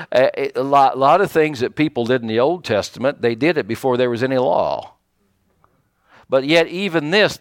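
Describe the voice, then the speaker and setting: A man preaching a sermon as pastor, in a folksy, animated way with many fillers and restarts. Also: medium pitch, no echo, clean studio sound.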